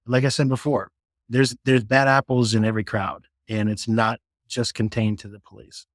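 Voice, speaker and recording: A middle-aged man from Florida, a guest on an interview, telling personal stories in a casual, animated way and acting out the dialogue. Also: medium pitch, moderate pace, dry recording, clean studio sound. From Florida, USA. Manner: animated storyteller who acts out quoted dialogue, frequent restarts.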